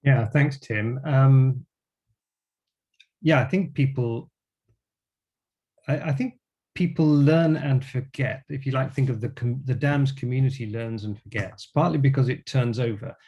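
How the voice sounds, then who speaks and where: Older guy giving a lecture on a video call, warm mellow voice, lots of uhs. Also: medium pitch, breathy edge, lo-fi sound. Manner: measured lecturing with frequent fillers. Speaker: guest speaker. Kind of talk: academic talk.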